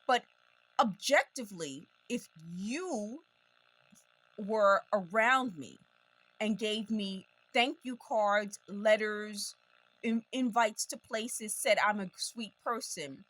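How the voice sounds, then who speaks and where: A woman's voice: medium pitch, expressive, unhurried, fairly bright tone, dry recording. A woman from the United States talking straight to camera in a casual monologue, insistent and repeating her points, her voice strained from talking over noise. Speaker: video blogger.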